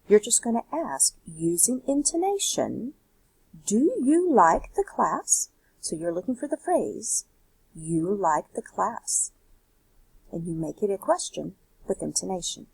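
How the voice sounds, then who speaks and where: A woman's voice: fairly low pitch, very animated, vocal fry, darkish tone, slightly rough, low-quality recording. A woman teaching a Spanish class, walking students through a worksheet with patient, step-by-step explanations. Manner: patient, explanatory, slows down for examples. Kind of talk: recorded classroom lesson walkthrough.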